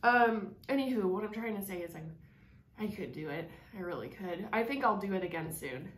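In a home room with an echoey sound and faint hiss, a woman in her thirties co-hosts a channel's spicy food challenge. Her medium-pitched voice is brisk with lively intonation as she rambles with lots of fillers through a burning, drooling mouth.

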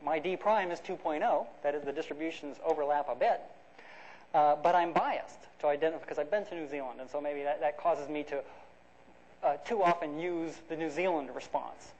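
A man's voice: fairly high pitch, fairly quick, a little mellow, slight background noise. A man giving a conversational academic lecture, explaining step by step with frequent restarts and fillers. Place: lecture hall. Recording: dull lo-fi lecture recording.

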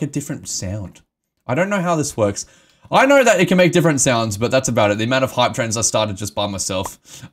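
A man live-streaming a game, excitable and emotional, swearing and laughing often as he talks to his chat. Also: mid-range voice, a little hiss or hum.

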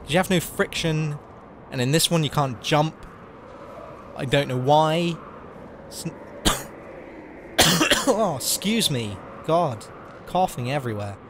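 A man's voice: a little high, expressive, slow pace, long pauses, fairly bright tone, a little hiss or hum. A young man talking casually and swearing while playing a game, joking and rambling. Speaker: let's play host. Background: game music.

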